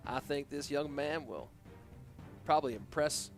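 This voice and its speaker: A man's voice: a little high, unhurried. A man casting a live game match, chatty and joking, and answering his chat between plays. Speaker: esports caster. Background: background music.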